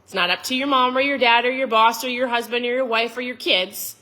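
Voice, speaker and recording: A woman giving a motivational vlog talk, fired up and emphatic, almost yelling as she urges viewers on. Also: on the high side, fairly quick. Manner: emphatic, preachy. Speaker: vlogger.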